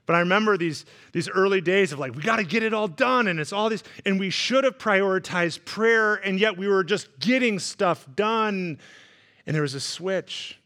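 A man gives a sermon as a visiting pastor, his voice pitched high and ringing bright. He tells his stories with animation and slips into voices for the people in them. It sounds like a church service. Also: normal speed. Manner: animated storytelling with acted-out voices. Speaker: guest pastor. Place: church sanctuary.

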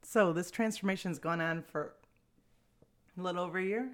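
A woman's voice: on the low side, normal speed. A woman interviewing a guest in an encouraging, reflective way. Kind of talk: casual interview.

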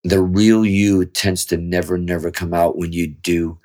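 A man's voice: deep voice, level tone, a little slow, darkish tone. A middle-aged man, a guest guitarist in a casual interview chat, explaining his views at length with candid, freely swearing talk.

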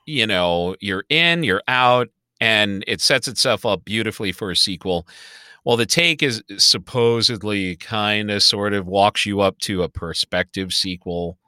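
A man's voice: lowish voice, a little slow, sharp tone, no echo, studio quality. A man co-hosting a podcast, chatting casually and animatedly about movies, with sighs and swearing. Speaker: podcast co-host. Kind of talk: casual movie review chat.

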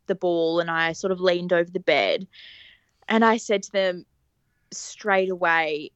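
A young woman, a podcast guest, telling a personal story in a casual, lively way, laughing often and acting out what people said. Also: lowish voice, no room sound, highs cut off. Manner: animated, laughs often, acts out quoted lines.

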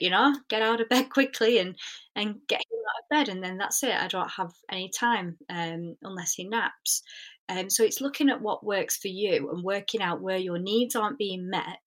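A young woman who works as a spiritual coach talks earnestly and reflectively in a podcast interview, using many fillers. Her voice is lowish and a bit bright.

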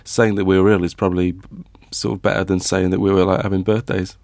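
A man's voice: deep voice, little pitch movement, fast, darkish tone, no echo, clean studio sound. A man co-hosting a podcast, chatting playfully and often restarting his sentences. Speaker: podcast co-host. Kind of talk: casual chat.

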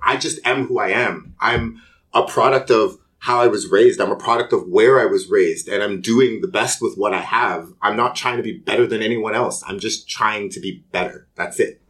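Man, low voice, earnest, emphatic, reflective, casual group chat. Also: moderate pace, a bit bright. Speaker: student club member. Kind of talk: casual round-table chat.

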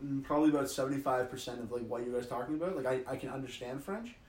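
A man co-hosting a podcast in excitable casual chat, swearing and laughing often. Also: medium pitch, very fast, a little hiss or hum. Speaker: podcast co-host. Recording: echoey room.

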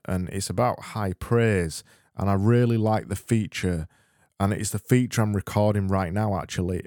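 A man's voice: deep voice, a little mellow, dry recording, clean studio sound. A man from Britain hosting a comedic solo podcast, rambling and sardonic as he reads listener messages. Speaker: podcast host.

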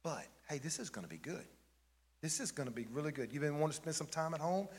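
A man's voice: very high-pitched, very animated, fast, in a large hall, voice pushed up. A man playing a breezy, upbeat businessman who soothingly reassures an employee he is firing. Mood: breezy reassuring.

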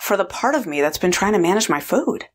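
A woman's voice: medium pitch, fairly quick. A woman in her forties telling a personal story on her vlog, acting out the voices as she goes. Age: 40s. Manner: animated storyteller acting out dialogue. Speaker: vlogger, weight-loss coach.

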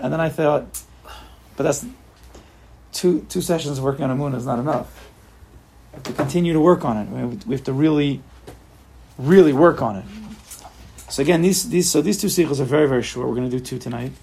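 Man, husky and gravelly, fairly high voice; casual Torah class teacher, repeats and restarts phrases, asks rhetorical questions. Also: darkish tone. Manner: repetitive restarts, rhetorical questions, mixes Hebrew terms.

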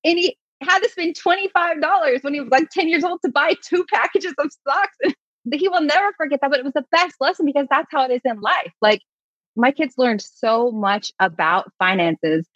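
Animated woman telling family stories. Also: high voice, normal speed, no echo, muffled recording. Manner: animated storyteller, laughs often. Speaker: guest. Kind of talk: casual conversation.

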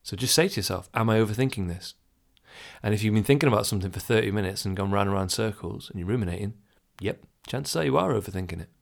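A self-help speaker gives casual advice to the listener, reflecting on overthinking, chuckling now and then and acting out his inner thoughts. His voice is fairly low and creaky, and he talks fast.

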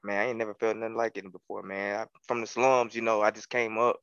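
A laid-back man with a fairly low voice trades slangy jokes on a podcast and laughs easily. His mic is close and dry. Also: flat delivery, fast talker, fairly bright tone, clear, resonant tone, no echo, highs cut off. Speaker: podcast co-host. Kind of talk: casual podcast banter.

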